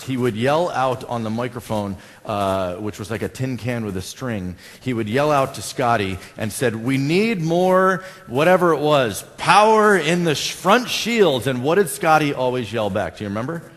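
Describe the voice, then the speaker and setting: American pastor preaching in a reverberant church. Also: male voice, medium pitch, brisk, hardly any pauses. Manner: conversational, asks the congregation questions. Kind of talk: sermon. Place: church sanctuary.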